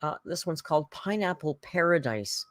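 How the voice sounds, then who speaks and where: A woman with a low voice, recorded close and dry, hosts a relaxed reaction stream. She talks in a wry, offhand way, swears casually and stops to read viewer messages aloud. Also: moderate pace, no echo. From Canada. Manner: wry, swearing, reads super chats aloud.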